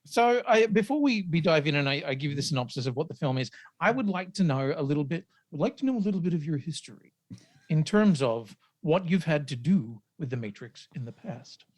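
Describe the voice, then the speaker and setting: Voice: medium pitch, animated, brisk. Chatty podcast host. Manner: chatty, sweary, steering the talk. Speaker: podcast host leading the discussion. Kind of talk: casual film-review chat.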